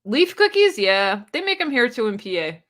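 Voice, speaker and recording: A woman's voice: a little high, sing-song, moderate pace, a bit bright. A woman hosting a casual live stream, reading viewers' comments aloud and chatting with them, laughing often. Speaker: booktube live-stream host.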